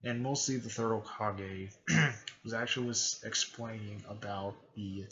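A man giving a rambling, casual recap, halting often with fillers and clearing his throat. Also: on the low side, fairly even intonation, a bit bright. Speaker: video creator recapping a fan series. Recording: dull lo-fi recording.

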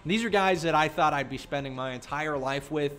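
A young man livestreaming in casual chat, excitable and earnest by turns. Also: on the high side, fairly quick, soft background music. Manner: excitable, swings from earnest to joking.

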